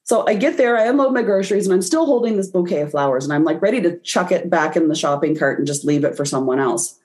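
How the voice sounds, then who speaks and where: A woman's voice: fairly low pitch, lively intonation, quick pace, darkish tone. A woman guest in an interview, telling a personal story and acting out her own reactions as she goes. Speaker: guest, intuitive reader.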